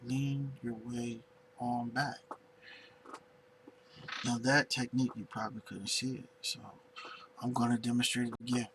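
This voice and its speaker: A man teaching finger drumming in a casual tutorial, unhurried and searching for words as he demonstrates on pads. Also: mid-range voice, level tone, background noise.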